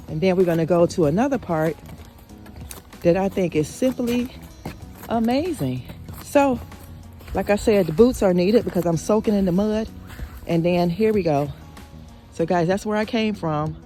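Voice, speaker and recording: Woman, excitable walking vlogger, mellow tone, soft music under. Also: medium pitch, unhurried, long pauses. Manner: chatty and excitable, keeps calling out to viewers. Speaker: lifestyle vlogger. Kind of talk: casual outdoor walking vlog. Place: outdoor park trail by a pond.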